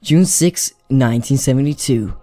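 A man's voice: mid-range voice, normal speed, dark tone, faint music behind. A young man chatting casually and rambling through a game playthrough, giggling often. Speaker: gaming YouTuber. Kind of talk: let's play commentary.

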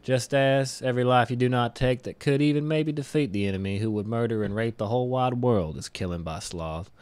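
A man reading aloud as a fanatical male preacher in a put-on South Carolina twang, with a slow preaching cadence. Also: mid-range voice, darkish tone, clear, resonant tone, close to an everyday voice. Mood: zealous. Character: fanatical male preacher writing a letter, menacing.

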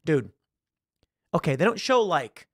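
A man hosting a casual talk-show podcast speaks at a moderate pace in a somewhat high, slightly bright voice with lively intonation. He rambles about films, searches online, and acts out lines, all in clean studio sound without room noise.

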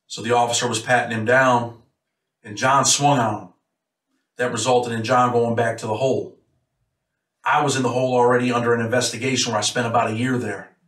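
A former prisoner from Rochester, New York tells a story casually, blunt and matter-of-fact. His medium-pitched voice is a bit bright, and the recording has a roomy echo with the mic somewhat far away.

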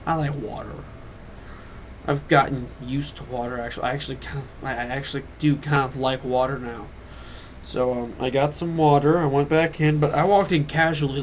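A man telling a personal story on his vlog, rambling and drifting off into quick asides. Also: medium pitch, slight background noise. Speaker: vlogger.

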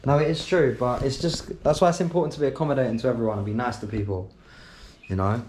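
A man's voice: mid-range voice, quick pace, darkish tone. Man, Essex accent, casual vlog chat, laughs a lot, noisy indoor ambience. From England. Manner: chatty, laughs often. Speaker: vlogger and reseller. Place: customer's home, indoors.

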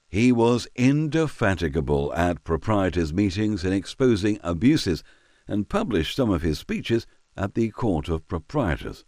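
Deep, expressive male narrator. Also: dry recording, clean studio sound. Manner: measured, expressive storytelling. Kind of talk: scripted historical narration.

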